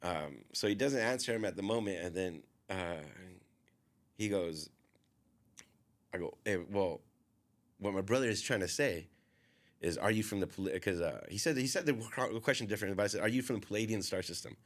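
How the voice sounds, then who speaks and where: Guy with a lowish voice rambling through a story on a podcast, lots of like and you know. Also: moderate pace. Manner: rambling, filler-heavy, often quotes others.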